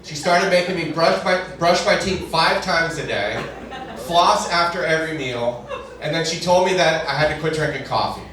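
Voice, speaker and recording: A man's voice: a little high, moderate pace. A man doing a stand-up comedy set on stage, telling stories conversationally and punching up his lines. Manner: conversational storytelling, shouts punchlines. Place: comedy club stage before a live audience. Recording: echoey room recorded from a distance with crowd laughter. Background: audience laughing.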